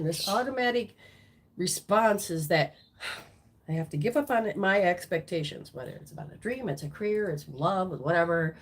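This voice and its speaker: Live-streaming from her home, a woman with a medium-pitched voice teaches as a spiritual healer and intuitive reader. She acts out how people react, using quoted voices.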